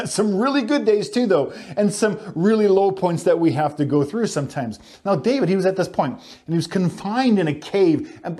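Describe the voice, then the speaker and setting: Male pastor, high-pitched, earnest sermon delivery with slow emphatic lines. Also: warm tone. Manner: earnest, swinging between slow emphatic phrases and quick asides.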